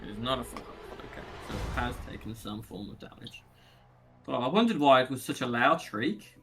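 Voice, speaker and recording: Bright-voiced man playing a tabletop game. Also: mid-range voice, expressive, fairly quick, husky, soft background music. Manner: chatty, thinks out loud about rules. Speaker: player. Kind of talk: casual tabletop play.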